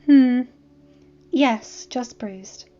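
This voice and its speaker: A woman voicing a calm female healer who speaks gently in a storybook reading. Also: high voice, very slow, highs cut off.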